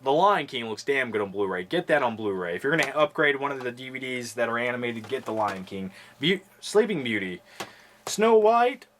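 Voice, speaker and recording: A man's voice: mid-range voice, animated, brisk, fairly bright tone. A young man chatting casually as he shows off his movie collection, wisecracking and swearing offhand. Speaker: video host reviewing his movie collection. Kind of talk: casual chat with jokes and impressions. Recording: noisy home recording.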